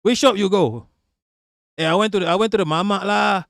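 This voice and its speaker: A man's voice: sits high, fairly quick, gravelly, fairly bright tone, no echo, clean studio sound, pitched above the performer's own voice. A man voicing a chatty Malaysian man with a heavy Malaysian English accent, talking in choppy phrases that repeat words and end on "ah". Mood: nosy. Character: chatty Malaysian man, everyday street talk.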